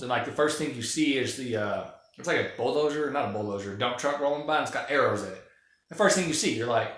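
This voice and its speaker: A man's voice: mid-range voice, fast, fairly bright tone. A man giving an opinionated, rambling, profane casual monologue about films. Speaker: film commentator. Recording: very echoey room.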